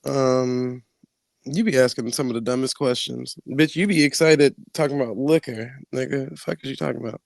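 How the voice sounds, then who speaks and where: A man chatting on a live online panel from home, brash and animated, laughing often and swearing freely. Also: mid-range voice, quick pace, gravelly, no echo. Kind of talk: casual trash-talking chat.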